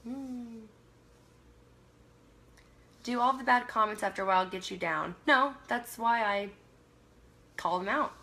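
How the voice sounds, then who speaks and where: A woman's voice: a little high, a little slow, long pauses, pushed and bright. A young woman from Canada hosting a casual livestream, reading viewer comments aloud, laughing often and trailing off mid-sentence. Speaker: livestream host.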